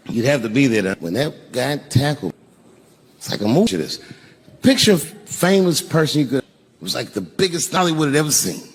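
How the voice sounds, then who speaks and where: A man's voice: fairly high pitch, noisy background. A man doing stand-up, telling a story with profanity and acting out the scenes. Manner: animated, profane, acts out scenes. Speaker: stand-up comedian.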